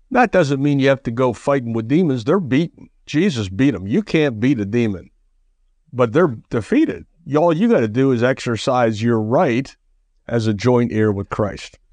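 A man preaching a radio sermon, emphatic, with rhetorical questions and the odd cough or throat clearing. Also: mid-range voice, darkish tone, no echo. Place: radio broadcast.

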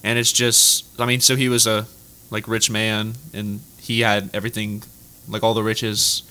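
A man's voice: fairly low pitch, moderate pace, clear, resonant tone. A young man, a college athlete guest, answering questions casually and often saying "like". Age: young adult. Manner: relaxed, heavy use of "like". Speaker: college basketball player and guest.

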